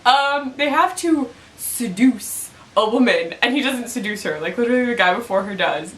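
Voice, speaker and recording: A woman's voice: mid-range voice, a bit bright, a little hiss or hum. A young woman casually recapping a TV episode, chatty and giggly, filling her talk with "like". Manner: chatty, giggly, many "like" fillers. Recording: echoey room, mic at a distance.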